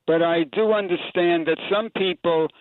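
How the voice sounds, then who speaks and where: A man calling in to a radio show, asking a question with hesitant pauses. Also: high-pitched, steady tone, no room sound. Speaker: caller. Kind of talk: call-in question. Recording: tinny phone line.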